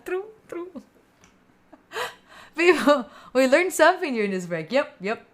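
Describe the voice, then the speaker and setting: A woman's voice: high voice, big pitch swings, takes it slowly, long pauses. A young woman with an Italian accent, hosting a study livestream and chatting playfully with viewers between work sessions. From Italy. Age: young adult. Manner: playful, giggly, chats back to viewers. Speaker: study-stream host. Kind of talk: casual livestream chat, reading comments.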